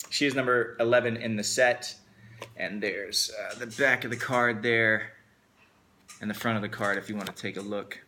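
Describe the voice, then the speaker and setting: A man's voice: mid-range voice, sharp tone. A man hosting a casual unboxing video, talking with upbeat enthusiasm. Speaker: host.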